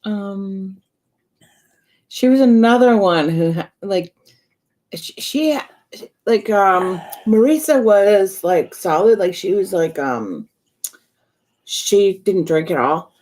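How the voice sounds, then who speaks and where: A woman co-hosting a live stream, chatty and quick to laugh, rambling through her stories. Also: medium pitch, lively intonation, darkish tone. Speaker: co-host. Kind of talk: casual live-stream chat.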